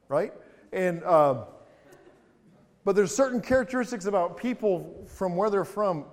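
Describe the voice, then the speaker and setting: A pastor preaches in a church sanctuary, the reverberant hall echoing his fairly high, darkish voice at normal speed. He reads scripture with mounting emphasis and slips into chatty, funny asides.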